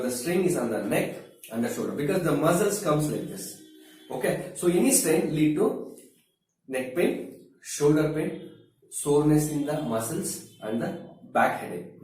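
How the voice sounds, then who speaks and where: A man, a wellness expert, explaining health advice slowly and deliberately, using everyday comparisons and frequent fillers. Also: a little high, a little mellow. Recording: very echoey room, distant mic.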